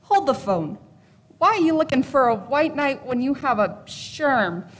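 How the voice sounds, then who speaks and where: A woman's voice: sits high, animated, a little slow, in a large hall. A woman playing a blunt, wisecracking fake fortune teller in a stage play. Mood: incredulous.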